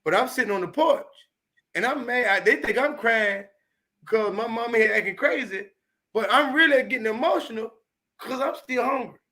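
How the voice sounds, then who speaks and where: A man in his fifties from Chicago, telling his life story on a podcast in an animated, profane, emphatic way. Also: very high voice, normal speed. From Chicago, United States. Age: 50s. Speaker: comedian guest. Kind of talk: candid storytelling.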